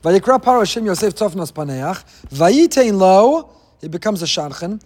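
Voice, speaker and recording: A man's voice: high-pitched, sing-song, normal speed, a little mellow, husky, long reverb tail. A man teaching a weekly Torah class, with wry asides and jokes.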